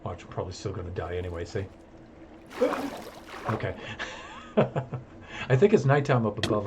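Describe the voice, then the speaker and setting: A man's voice: lowish voice, lively intonation, fairly quick, pauses often, background noise. A man chatting through live gameplay commentary, self-amused and handing out jokey tips. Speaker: streamer.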